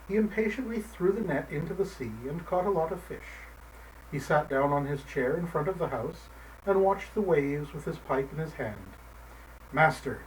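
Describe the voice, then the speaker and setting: A man narrating a folk tale in a gentle, measured storybook manner. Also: a little high. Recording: distant mic, faint background noise.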